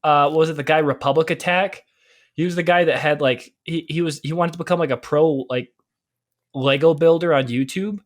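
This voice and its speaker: A man's voice: fairly high pitch, fairly even intonation, fairly quick. Laid-back young man rambling in casual chat. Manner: rambling, laughs often, many fillers and restarts. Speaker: podcast co-host.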